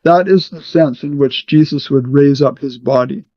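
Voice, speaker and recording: A man leading a scripture study, explaining verses deliberately and checking in with "okay" often. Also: medium pitch, no echo. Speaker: Bible study leader. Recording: muffled, dry sound.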